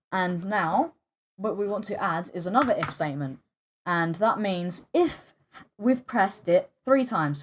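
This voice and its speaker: A young woman hosting a coding tutorial, hesitant and stumbling, often pausing with fillers and apologizing. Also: on the low side, a little mellow. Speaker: tutorial host. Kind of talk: screen-recorded coding tutorial.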